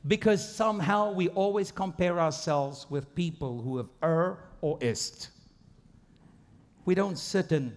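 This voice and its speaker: A man preaching a sermon as pastor, telling it with lively mimicked inner voices. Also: sits high, unhurried.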